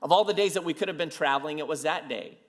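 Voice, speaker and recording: A man speaking at a ministry event, telling a story in an animated way and acting out the quotes. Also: a little high, fast. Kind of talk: storytelling sermon.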